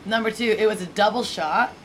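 A woman with an American accent, co-hosting a casual podcast, expressive and teasing and quick to laugh. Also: medium pitch, slight background noise, rough recording. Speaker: podcast co-host. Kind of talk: casual banter.

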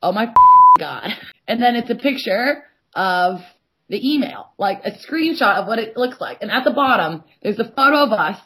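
A woman's voice: a little high, animated, moderate pace, a bit bright, breathy edge. A woman co-hosting a podcast, telling an exasperated, sweary story in casual chat and mimicking the other person's replies. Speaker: podcast co-host.

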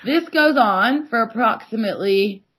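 A woman's voice: fairly high pitch, expressive, moderate pace, fairly bright tone, slightly rough. A woman co-hosting a podcast, telling an exasperated, sweary story in casual chat and mimicking the other person's replies. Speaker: podcast co-host.

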